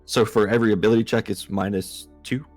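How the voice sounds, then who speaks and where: A man with a low voice plays a tabletop game, laying out his character's actions slowly with many fillers. He breathes hard into the mic. Faint music sits behind him. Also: fairly even intonation, a little mellow. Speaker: player. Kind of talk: casual tabletop play.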